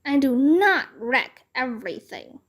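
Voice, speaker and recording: High squeaky feisty kid girl, all huffy protests, woman reading it out, storybook. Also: animated, a little slow, exaggerated voice. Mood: indignant. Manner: indignant, loud, stamping protests. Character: feisty bossy little first-grade girl. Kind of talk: children's book read-aloud.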